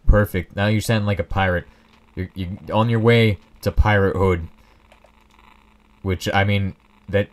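A young man casually commenting on his own gameplay, rambling and joking at his own expense. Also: on the low side. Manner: rambling, self-mocking, joking asides. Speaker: Let's Play host.

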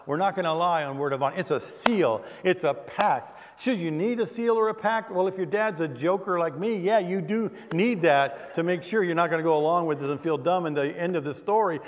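Older male pastor, fairly high voice, lively sermon with jokes, long hall reverb. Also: fairly quick. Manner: animated preaching with humorous asides. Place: church sanctuary.

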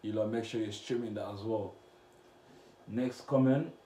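A young man from Cameroon, chatting casually as he reacts to comments on his vlog, blunt and slangy with sudden loud outbursts. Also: fairly low pitch, normal speed. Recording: echoey room with faint noise.

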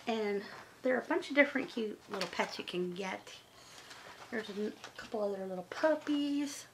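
A woman reviewing toys at home, gushing and excitable in a casual chat. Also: a little high, noisy background. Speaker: toy reviewer.

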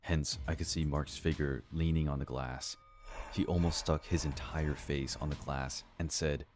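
A man with an extremely deep, low voice reads a scripted first-person horror story. His delivery is slow and even, with faint music running underneath. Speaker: story narrator. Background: faint background music.

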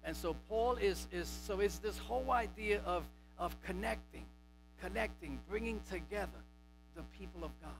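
A man's voice: high-pitched, normal speed, music in the background, rough recording. A male pastor preaching a sermon emphatically, repeating and stressing key words. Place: church sanctuary.

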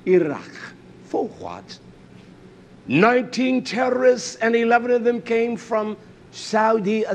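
Male preacher, fiery sermon, high and very lively delivery, loud then muttered. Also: a little hiss or hum. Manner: fiery, swings between loud outbursts and low muttering; repeats phrases for emphasis, says hallelujah.

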